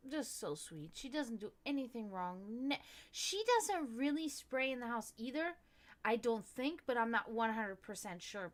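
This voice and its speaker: A woman hosting a livestream, chatting casually in a rambling, profane way and laughing often. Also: on the high side. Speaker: livestream host.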